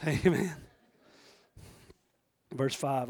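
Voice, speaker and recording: High-voiced fervent folksy man preaching. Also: a little fast, dry recording. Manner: fervent, shifts between shouting and hushed asides; folksy, chuckles often. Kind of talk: sermon.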